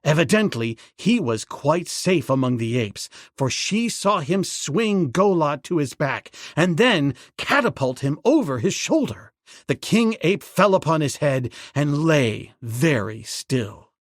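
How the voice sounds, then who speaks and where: A man narrating an adventure audiobook in a dramatic, measured way. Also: on the high side, big pitch swings, dry recording, studio quality.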